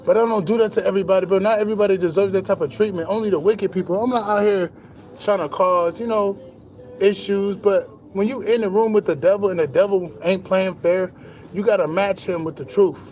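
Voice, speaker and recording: Boastful high-voiced man ranting about truth. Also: a little fast, soft background music. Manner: boastful, animated street slang, swears freely; laughs between lines. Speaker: spiritual vlogger. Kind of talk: casual monologue to camera.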